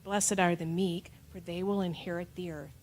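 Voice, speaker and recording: A woman reading a Bible passage aloud in a measured, deliberate way during a church service. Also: on the low side, steady tone, a little mellow, a little hiss or hum. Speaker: scripture reader. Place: church sanctuary.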